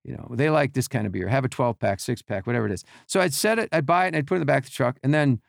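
A middle-aged man, a podcast guest, telling animated behind-the-scenes stories and acting out quotes and sounds. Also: mid-range voice, very fast, creaky, dry recording, studio quality. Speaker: podcast guest, team equipment worker. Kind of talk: casual storytelling.

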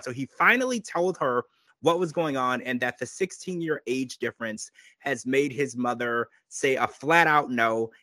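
Male podcast host, bright forceful tone, close dry sound, animated delivery. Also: mid-range voice, dry recording. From United States. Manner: animated, acts out quotes in changed voices. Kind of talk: casual recap chat.

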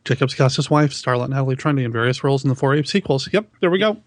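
A man's voice: mid-range voice, rapid-fire, dry recording. Chatty male podcaster, dry close sound. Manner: chatty, self-deprecating, laughs often. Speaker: podcast co-host. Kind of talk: casual film discussion.

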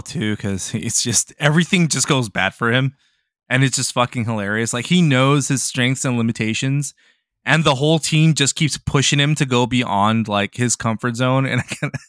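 A man's voice: mid-range voice, a bit bright, no room sound, studio quality. A man co-hosting a podcast, chatting casually with profane, laughing enthusiasm. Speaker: podcast co-host. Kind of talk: casual chat.

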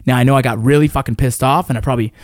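A man's voice: medium pitch, fairly even intonation, very fast, no room sound, studio quality. A man in his thirties or forties, a military veteran guest talking in a blunt, profane, emphatic way in casual conversation.

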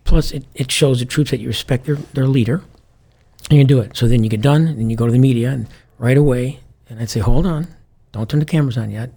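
A former police commander tells anecdotes in an interview, lively and acting out quoted dialogue in different voices. He talks fast at a medium pitch.

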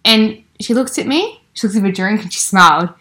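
A young woman co-hosting a podcast in casual chat, chatty and quick to laugh, acting out the lines she quotes. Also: mid-range voice, animated, bright, forceful tone. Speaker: podcast co-host.

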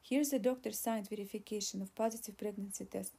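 A woman's voice: medium pitch, fairly even intonation, a little fast, gravelly, mellow, breathy edge. A woman voicing a pregnant young woman who pleads and argues in an audiobook reading. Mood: pleading. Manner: pleading, insistent.

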